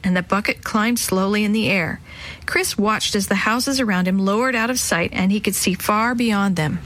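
Woman, storyteller, reads a kids' chapter book aloud, expressive, does the voices. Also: medium pitch, poor audio. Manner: warm, expressive reading, acts out voices. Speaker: children's storyteller.

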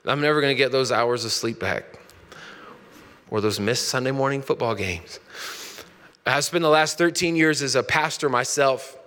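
A man's voice: mid-range voice, normal speed, long pauses, bright, forceful tone, long reverb tail. A man in his thirties, a pastor, preaching a sermon in a conversational storytelling way that builds into passionate preaching.

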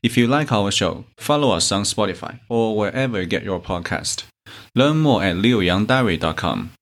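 A man from China with a Chinese accent, teaching a Chinese lesson in English and reading the examples slowly. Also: on the low side, lively intonation. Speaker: Chinese teacher, podcast host. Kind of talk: slow, methodical language lesson.

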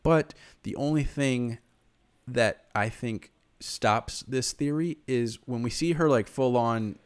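A man's voice: medium pitch, slow pace, clear, resonant tone, no room sound. A man co-hosting a casual podcast chat, rambling with many fillers and restarts. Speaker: podcast co-host.

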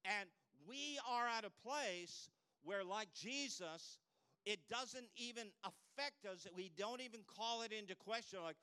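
Bright, clear-voiced male pastor preaching. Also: sits high, unhurried. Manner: conversational preaching with storytelling and questions to the congregation; laughs at his own stories. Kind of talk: sermon.

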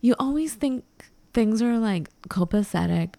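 A woman's voice: fairly high pitch, a little slow, creaky, no room sound. A woman co-hosting a podcast, chatting casually and acting out the lines of the people in her story. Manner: animated, acts out quoted dialogue. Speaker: podcast co-host.

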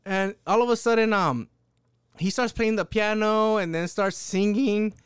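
Brief: young man, high clear voice, dry close mic, casual podcast storyteller, swears a lot. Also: unhurried, no echo. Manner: animated, profane, lots of fillers. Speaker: podcast host.

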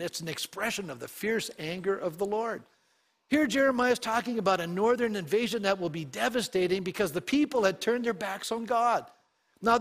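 High-voiced male pastor preaching. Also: fairly bright tone. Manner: asks the congregation questions; reads scripture aloud with emphasis. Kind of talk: sermon.

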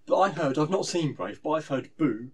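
A man co-hosting a casual podcast chat, quick and expressive. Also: a little high, a little hiss or hum. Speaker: podcast co-host.

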